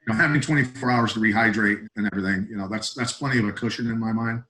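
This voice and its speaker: Blunt, animated middle-aged man. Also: lowish voice, quick pace, rough recording. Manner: animated storyteller, blunt and emphatic. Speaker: guest, retired fighter and coach. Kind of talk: casual podcast storytelling.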